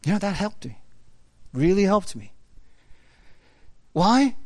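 A male pastor gives a loose, conversational sermon. His fairly high voice swings widely in pitch as he chats along, full of fillers and quick laughs. The sound is close and dry. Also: animated, a bit bright, no echo. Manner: casual and chatty, full of fillers, laughing often.

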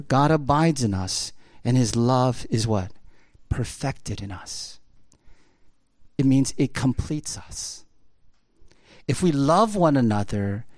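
A pastor preaches a sermon conversationally in a mid-range voice, often adding "right?" as he swings between urgent, louder passages and hushed, intense ones. The recording is studio quality with no echo.

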